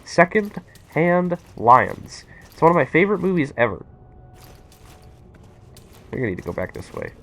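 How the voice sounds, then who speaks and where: A young man chatting casually and excitedly with his viewers while playing a game on a live stream. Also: medium pitch, brisk, creaky, long pauses, a little hiss or hum. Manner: excitable, rambling, talks to chat.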